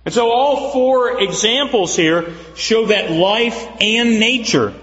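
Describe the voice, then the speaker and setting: A man preaching a sermon as pastor, earnest and measured, repeating phrases for emphasis. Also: sits high, a bit bright. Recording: dull lo-fi recording with long hall reverb.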